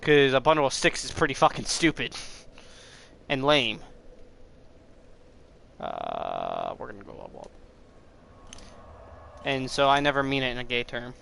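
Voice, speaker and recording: A man's voice: medium pitch, wildly swooping pitch, unhurried, vocal fry, pauses often, fairly bright tone, slight background noise. A young man giving casual, rambling commentary as he plays a game, cursing at it now and then. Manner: rambling, swears at the game, breaks into frustrated outbursts. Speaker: gameplay commentator. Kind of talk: casual let's play commentary.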